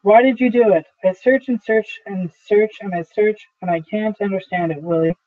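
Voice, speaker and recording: A man's voice: sits high, fairly even intonation, moderate pace, distant mic, lightly acted. A man voicing a grieving widow, tinny sound. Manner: pleading, breaking into sobs. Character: grieving widow, wife of a dead salesman. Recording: tinny phone-like audio.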